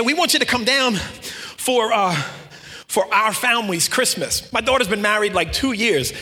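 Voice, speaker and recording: A man preaching to a congregation, joking and animated, telling stories in a relaxed way. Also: high-pitched, big-room sound. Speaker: pastor. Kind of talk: sermon.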